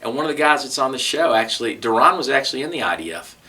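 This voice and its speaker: Recorded from a distance, this Texan-accented man speaks at medium pitch in a sing-song, rapid-fire, sharp way. He's telling his own experiences for an oral history interview, chatting along with restarts and voicing the quoted dialogue.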